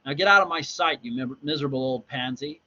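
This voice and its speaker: A man's voice: medium pitch, fast, pushed and bright, lo-fi sound, voice pushed up. Man reading as a cold, contemptuous police boss. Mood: menacing. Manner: contemptuous, threatening.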